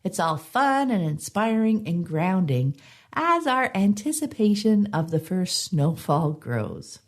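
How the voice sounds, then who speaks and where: A woman hosting a podcast with a gentle, measured delivery, her voice slightly hoarse as if she has a frog in her throat. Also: lowish voice, very animated. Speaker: podcast host. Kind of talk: podcast intro and interview.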